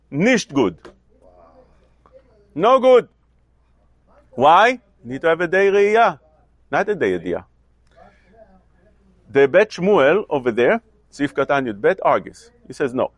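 A man teaching a Talmudic lecture, asking questions and answering them himself in an animated way. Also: mid-range voice, no echo. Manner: animated, questioning, mixes Hebrew and Yiddish terms. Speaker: Torah teacher.

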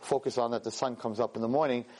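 A man, a rabbi and teacher, telling a story in a Torah class, animated and self-mocking, sprinkling in Hebrew and Yiddish words. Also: medium pitch, fast talker.

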